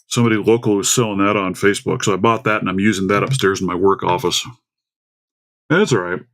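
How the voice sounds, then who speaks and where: A man's voice: fairly low pitch, fairly even intonation, a little fast, a bit bright. A man hosting a casual livestream from home into a desktop microphone, rambling and chatty as he greets viewers by name. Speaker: livestream host. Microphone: desktop USB microphone.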